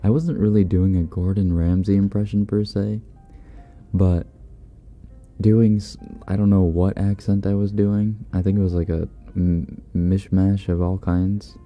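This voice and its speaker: A man hosting a livestream in a soft-spoken, laid-back way, reading chat messages and chuckling often. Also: sits low, level tone, unhurried, lo-fi sound, soft background music. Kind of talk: casual live chat.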